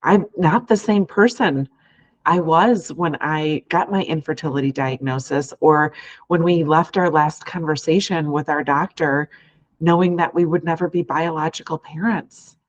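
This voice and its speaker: Earnest woman podcaster, low voice. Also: unhurried, highs cut off. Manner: earnest, heartfelt, speaks in long flowing sentences. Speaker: podcast host and life coach. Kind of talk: reflective podcast monologue.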